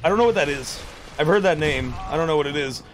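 High-voiced excitable young man streaming games. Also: quick pace, slight background noise. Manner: excitable, rambling and profane; exclaims loudly at game events. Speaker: game streamer. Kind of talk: casual live-stream commentary.

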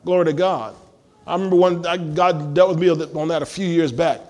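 A man's voice: high-pitched, normal speed, a little mellow. A male pastor preaching a sermon in a church, emphatic and full of call-and-response questions to the congregation.

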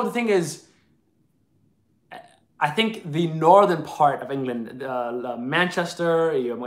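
A man's voice: fairly high pitch, fairly bright tone, roomy sound. A man hosting a live video chat, answering viewer comments in an opinionated, argumentative way.

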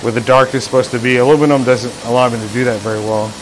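A man's voice: mid-range voice, steady tone, fast, slight background noise, low-quality recording. A man hosting a casual livestream from his workshop, who rambles, jokes, and acts out imagined scenes. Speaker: livestream host, engraver.

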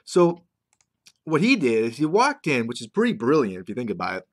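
Medium in pitch but wildly swooping, this man's voice moves fairly fast as he delivers a relaxed to-camera monologue. A marketing vlogger, he rambles in a chatty way, often tossing in "right?"

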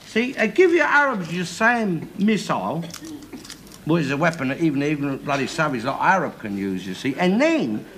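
An actor playing a bigoted, middle-aged father who rants in loud, swearing tirades. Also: on the high side, big pitch swings, moderate pace. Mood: ranting. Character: bigoted middle-aged working-class London father, ranting. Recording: noisy old TV sitcom soundtrack.

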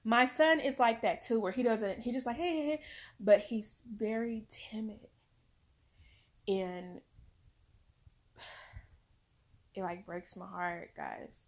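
A woman's voice: mid-range voice, takes it slowly, long pauses. A woman vlogging as a mother, talking earnestly and emphatically, swearing at times and close to tears. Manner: earnest, emphatic, swings from loud to quiet. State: near tears. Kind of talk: emotional personal vlog talk.

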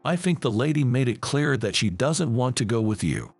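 Steady protective young lifeguard, read by a man, gravelly, husky edge. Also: medium pitch, moderate pace, no echo, soft background music. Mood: firm. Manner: firm, steady.

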